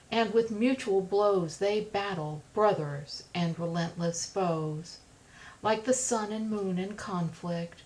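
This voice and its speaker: A woman narrating an audiobook, reciting epic verse with a steady rhythm. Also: medium pitch, rough recording. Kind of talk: reading epic verse aloud.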